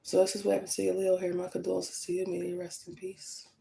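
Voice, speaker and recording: A woman's voice: on the low side, monotone, fast talker, vocal fry, warm tone, poor audio. A woman tarot reader talking straight to her viewers, blunt and emphatic, often checking in with "okay?" and "like I said". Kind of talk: tarot reading to camera.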